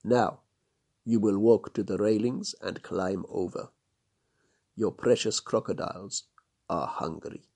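This is a crooked police inspector in a storybook, as a man reads him, cold and menacing. He speaks low and clipped with a husky edge, issuing orders without raising his voice. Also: slow, long pauses, mellow, heavily acted.

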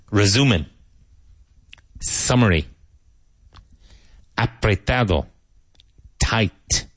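A man teaching English vocabulary, saying each word slowly, repeating it and spelling it out, with tips on pronunciation. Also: on the low side, no echo. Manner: slow, deliberate, repeats and spells out words.

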